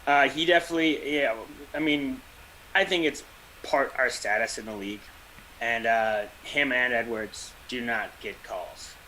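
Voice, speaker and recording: A man talking basketball like a longtime fan, opinionated and quick to rant, with a laugh here and there. His voice is bright and forward, with a faint hiss behind it. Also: mid-range voice, rough recording. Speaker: podcast co-host. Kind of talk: casual sports chat.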